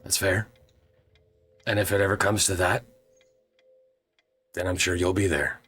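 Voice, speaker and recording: A man's voice: sits low, level tone, unhurried, a bit bright, breathy edge. A man playing a tabletop role-playing game, arguing earnestly and defensively in character.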